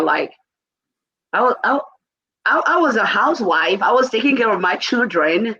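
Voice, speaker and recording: A woman's voice: lowish voice, normal speed, pushed and bright, lo-fi sound. A woman hosting an interview, talking hesitantly with repeated words and frequent laughs. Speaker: host.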